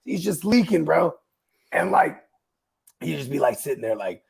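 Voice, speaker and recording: Man, casual storyteller, rambling, swearing, raspy gravelly voice. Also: fairly high pitch, big pitch swings, moderate pace, pauses often. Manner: rambling, swearing, laughing at his own story. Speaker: podcast host.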